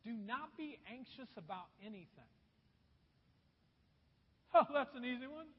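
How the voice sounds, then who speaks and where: A man's voice: very high-pitched, animated, slow, slightly rough. A man preaching a sermon as pastor, emphatic and repeating phrases, calling his listeners folks. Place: church sanctuary. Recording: dull echoey church hall recording.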